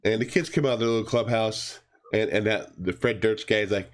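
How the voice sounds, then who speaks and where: A man's voice: lowish voice, animated, fast. A man co-hosting a podcast, rambling casually with many fillers and restarts as he recaps a comic. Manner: acts out characters' lines in a raised voice. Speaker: podcast co-host reviewing comics. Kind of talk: casual chat.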